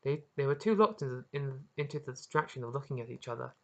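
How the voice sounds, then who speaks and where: An author reading their own story aloud as narration, earnest and expressive, with occasional small restarts. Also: medium pitch, fast. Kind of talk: audiobook narration.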